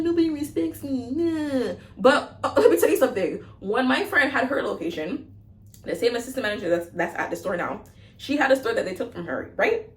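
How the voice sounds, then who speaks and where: Young woman spilling workplace tea super fast, blunt and animated, roomy echo. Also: medium pitch, a little hiss or hum. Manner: fast, animated, blunt, switches into mocking quoted voices. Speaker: vlogger, former multi-store retail manager. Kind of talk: candid storytime rant to camera.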